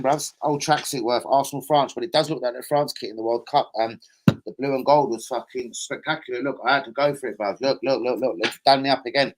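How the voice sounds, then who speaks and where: A young man, hosting a loose, sweary live stream and shouting out his viewers. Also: medium pitch, background noise. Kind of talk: casual live stream chat.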